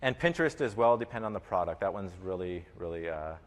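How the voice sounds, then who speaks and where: A man's voice: deep voice, lively intonation, fast talker, in a large hall. A man giving an informal lesson on online selling, rambling and restarting his sentences, with many fillers and repeated words. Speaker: e-commerce teacher. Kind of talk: informal teaching talk.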